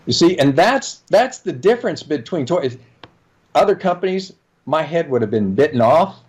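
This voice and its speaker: A man's voice: a little high, big pitch swings, normal speed, a little mellow. A middle-aged man, a leadership trainer, speaking as an interview guest and telling a workplace story with quoted dialogue. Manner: earnest, tells anecdotes with acted dialogue. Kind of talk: conversational storytelling.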